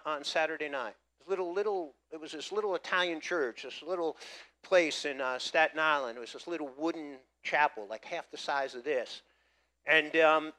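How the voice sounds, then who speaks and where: Bright-voiced man preaching a story. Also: fairly high pitch. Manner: storytelling, builds from quiet to loud emphatic preaching. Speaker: pastor. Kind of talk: sermon with personal story.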